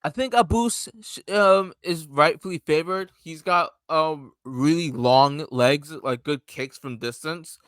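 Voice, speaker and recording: Young guy, bright higher voice, says like a lot, dry mic. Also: takes it slowly, few pauses, dry recording. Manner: rambling, many fillers and "like". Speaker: podcast co-host. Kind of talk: casual sports chat.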